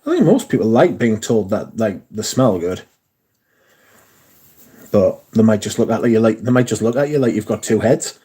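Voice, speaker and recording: A man's voice: fairly low pitch, very animated, moderate pace, dark tone, slightly rough. A man chatting casually on a livestream, rambling through stories and reading out viewers' comments. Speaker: livestream host.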